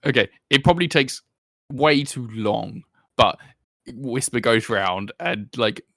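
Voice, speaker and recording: A man narrating as game master of a tabletop game in a relaxed, chatty way, often laughing. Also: medium pitch, unhurried, creaky, no room sound, clean studio sound.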